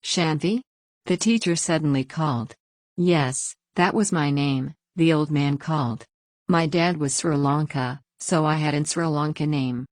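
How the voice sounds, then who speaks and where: Female story reader, very low voice, dry close sound, plain even first-person narration. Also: measured pace, no echo.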